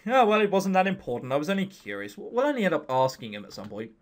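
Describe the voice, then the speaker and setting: A man's voice: a little high, huge pitch swings, quick pace. A man voicing a curious, flustered young female college student with a hesitant, chatty manner.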